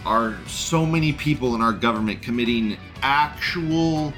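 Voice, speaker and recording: A man's voice: mid-range voice, a little slow, few pauses, a bit bright, soft background music. A man hosting a livestream, ranting crudely in a sneering tone and laughing at his own jokes. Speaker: host. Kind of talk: livestream commentary rant.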